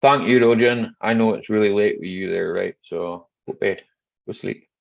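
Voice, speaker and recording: Middle-aged Scottish man, gravelly and unhurried, hosts a chatty home live stream; dull lo-fi sound. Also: lowish voice. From Scotland. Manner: chatty, joking, greets viewers by name. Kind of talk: casual live chat reading viewer comments.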